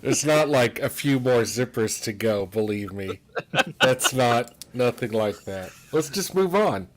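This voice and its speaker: A man's voice: medium pitch, expressive, a little slow. A man co-hosting a live stream, making dry, laid-back remarks. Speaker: co-host. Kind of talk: casual live-stream chat.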